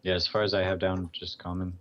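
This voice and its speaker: Low monotone guy calmly saying what his character does, faint noise behind. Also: fairly quick, muffled recording. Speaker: player. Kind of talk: tabletop role-play. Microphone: online voice chat mic.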